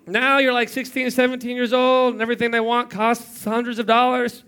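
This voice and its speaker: A man's voice: very high-pitched, little pitch movement, fairly quick, bright, forceful tone, clear, resonant tone. A man in his thirties preaching a sermon in church, telling stories with playful mimicry and chuckles. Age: 30s. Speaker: pastor.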